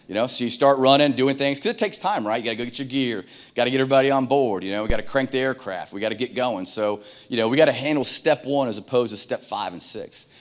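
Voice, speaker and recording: A middle-aged man giving a keynote on a conference stage, telling stories in an animated way and acting out the dialogue. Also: medium pitch, fast, hardly any pauses. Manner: animated, acts out dialogue in voices. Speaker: keynote speaker. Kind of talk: keynote storytelling.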